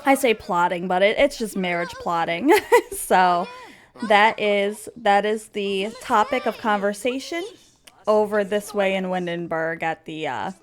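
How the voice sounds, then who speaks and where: A woman's voice: mid-range voice, measured pace, low-quality recording. A woman casually narrating a life-sim story, chatty and giggly with lots of fillers.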